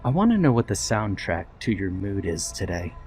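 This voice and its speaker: A man voicing a playful, lively young woman who teases and speaks earnestly in a storybook tale. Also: lowish voice, normal speed, soft background music. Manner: bubbly, teasing, earnest.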